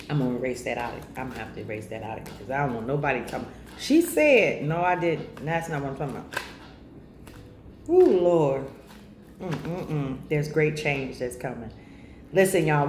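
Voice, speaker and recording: A chatty, affectionate woman talking through a casual spiritual reading at home, speaking in a somewhat low voice. The room is echoey, with faint household noise behind her. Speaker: spiritual reader. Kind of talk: casual tarot reading to viewers.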